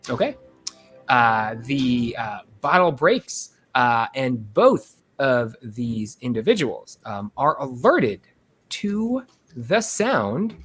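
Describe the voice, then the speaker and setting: A man running a tabletop game as game master, narrating in a halting, chatty way full of "uh" fillers. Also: mid-range voice, very animated, a bit bright, breathy edge, faint music behind.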